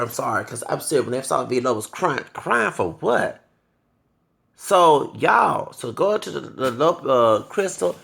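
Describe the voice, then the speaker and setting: Gravelly-voiced man ranting with swinging pitch. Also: fairly bright tone. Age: 30s. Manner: heated, profane, ranting, with repeated apologies for cursing. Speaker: vlogger. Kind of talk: angry monologue to camera.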